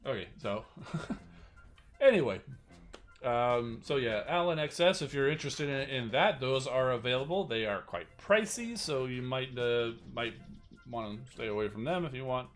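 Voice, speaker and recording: Animated and speaking at a moderate pace, a mid-range-voiced man hosts a casual livestream with soft background music. This toy collector and channel host shows off collectible figures in a rambling style, with plenty of fillers and restarts.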